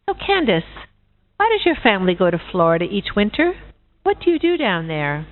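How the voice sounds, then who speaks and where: A woman voicing a cheerful, sociable busybody pig with a bright, chatty manner, on a tinny recording. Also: medium pitch, huge pitch swings, moderate pace. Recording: tinny phone-like sound.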